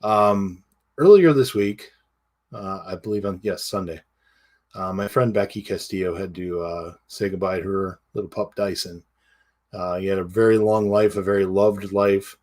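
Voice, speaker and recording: Lowish-voiced man, halting podcast chat. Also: a little mellow. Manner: halting, many fillers and restarts. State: tearful. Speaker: podcast co-host. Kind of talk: casual chat.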